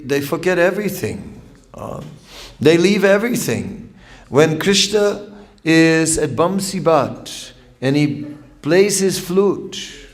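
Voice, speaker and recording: A man giving a devotional lecture as a spiritual teacher, reflective and storytelling, with long pauses. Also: mid-range voice, vocal fry. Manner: storytelling with acted quotes.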